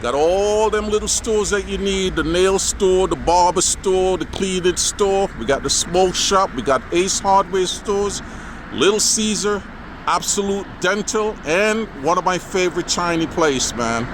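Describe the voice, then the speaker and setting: A man's voice: sits high, unhurried. A man recording a casual, sarcastic, rambling vlog outdoors, often saying "man" and talking while driving around town. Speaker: vlogger. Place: outdoors on windy streets, partly driving. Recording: outdoor wind and traffic noise. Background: wind and passing cars.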